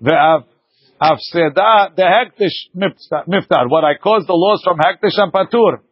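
A man teaching a lively Talmud class, arguing points back and forth with his students. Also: high voice, unhurried, husky, no room sound, highs cut off.

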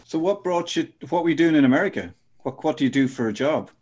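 A man's voice: fairly high pitch, expressive, fast talker, a little mellow. A man with an Irish accent hosting a podcast, asking questions in a jokey, conversational way. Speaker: podcast host. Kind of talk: casual podcast interview.

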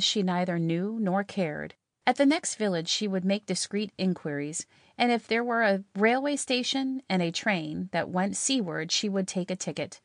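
A woman narrating a story in a measured, expressive way. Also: lowish voice, dry recording, studio quality.

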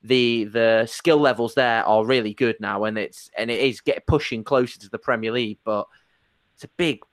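A man hosting a casual football podcast, chatty and excitable, rambling with restarts. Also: mid-range voice, normal speed, no room sound. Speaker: podcast host.

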